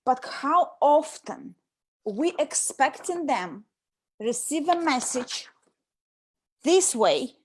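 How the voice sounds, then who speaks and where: High-voiced animated woman talking. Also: takes it slowly, long pauses. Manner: animated, acts out nagging quotes. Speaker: host. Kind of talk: casual talk on communication.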